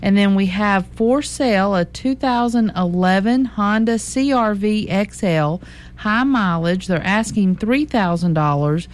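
A woman with a Southern US accent, co-hosting local radio, chatting casually and then slowly reading classified listings and phone numbers. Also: medium pitch, expressive. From American South.

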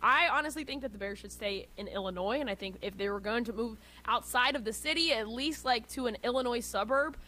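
A woman in casual sports talk, lively and blunt, chatting freely with her co-host. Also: a little high, fairly quick, hardly any pauses. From Northwest Indiana area.

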